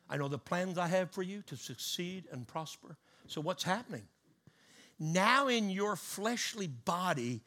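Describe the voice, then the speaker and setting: A male preacher delivering a fervent sermon, swinging between loud bursts and hushed asides. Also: a little high.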